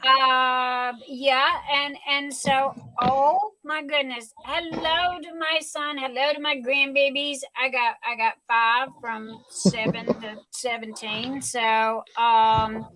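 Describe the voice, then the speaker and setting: A woman's voice: high-pitched, fairly even intonation, slow, hardly any pauses, sharp tone, rough recording. An older woman hosting a casual livestream, gushing and emotional, tripping over her words. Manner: gushing, emotional, many restarts. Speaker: livestream host.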